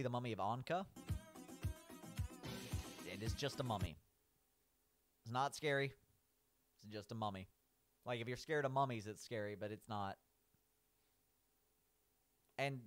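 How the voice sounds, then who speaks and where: A man's voice: on the low side, normal speed, long pauses, soft background music. A man giving casual, rambling commentary as he rates cartoon villains. He keeps saying "like", restarts his sentences and laughs at his own points.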